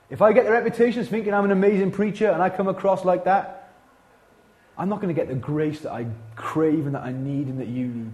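A Welsh man delivers a lively sermon in a church, mixing casual slang with quick asides. He sits a little higher in pitch than most men and keeps things conversational. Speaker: pastor.

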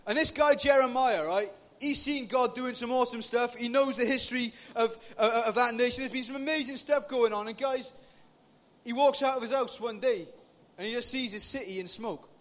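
Male youth speaker, forties, very high bright voice, chatty sermon with shouted bursts, on a PA mic. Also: moderate pace. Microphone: PA microphone.

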